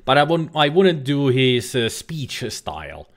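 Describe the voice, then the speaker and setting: A man's voice: mid-range voice, sing-song, a little slow, few pauses. A man giving casual, rambling let's-play commentary as a streamer, joking and now and then swearing. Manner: chatty, rambling, jokey, occasional swearing.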